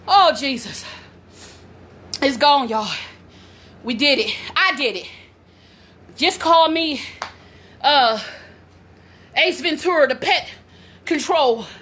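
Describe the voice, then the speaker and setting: Woman, 40s, home vlogger. Bright, lively, animated delivery with loud exclamations. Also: high voice, a little hiss or hum. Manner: excitable, loud exclamations, laughing and cursing. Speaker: vlogger and mother. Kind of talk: casual vlog. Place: at home, indoors.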